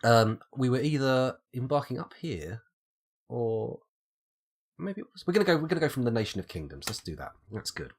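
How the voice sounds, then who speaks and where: Man, British accent, live game streamer, has a cold, husky, lively pitch, thinking aloud. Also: normal speed. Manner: thinking aloud, musing over options. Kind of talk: live gameplay commentary.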